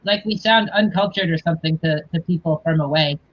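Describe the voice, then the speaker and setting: A man's voice: fairly high pitch, a little fast, a bit bright. An American man in a casual group chat over a video call, easygoing and rambling with restarts. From United States. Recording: dull lo-fi call audio.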